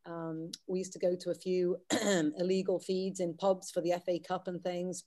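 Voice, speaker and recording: A woman's voice: fairly low pitch, a little mellow. A middle-aged woman from the Wirral with a light Scouse accent touched by American, chatting casually as a guest. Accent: light Scouse mixed with American. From the Wirral, England. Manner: chatty and self-deprecating, with many restarts. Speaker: podcast guest; English teacher. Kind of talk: casual chat.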